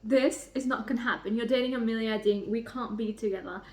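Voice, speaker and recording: Woman reading sharp-tongued young woman, guarded, defiant, high voice. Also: brisk, lightly acted. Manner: read aloud from a novel, slightly lower than her own chatter.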